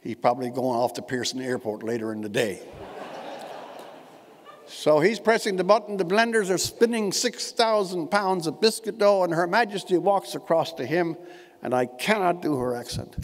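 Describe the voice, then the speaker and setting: Speaking in a large indoor conference hall with echoey, long reverb, a keynote speaker in his 70s from Newfoundland, Canada, delivers a funny address full of wordy, witty stories and dry, elaborate phrasing. His voice is on the high side, with lively intonation and a moderate pace.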